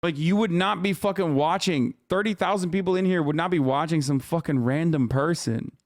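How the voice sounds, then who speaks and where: A man's voice: a little high, brisk, dry recording. A man in his thirties livestreaming from a home setup, combative and profane as he argues with his viewers. He mocks and scolds the chat in a sarcastic, heated voice. The recording is close and dry, with almost no room sound. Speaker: streamer. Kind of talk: live stream reaction rant.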